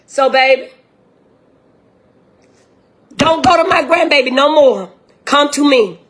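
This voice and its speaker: Older grandmother with a high voice, fired-up and indignant, speaking straight to camera. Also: slow pace. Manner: indignant, impassioned, repetitive direct address. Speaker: grieving grandmother. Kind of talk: emotional direct-address video.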